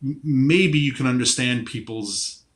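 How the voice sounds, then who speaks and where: A man, a podcast guest, arguing passionately in conversation, emphatic and animated, often restarting words. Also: medium pitch, measured pace. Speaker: podcast guest, energy advocate. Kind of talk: impassioned conversational argument.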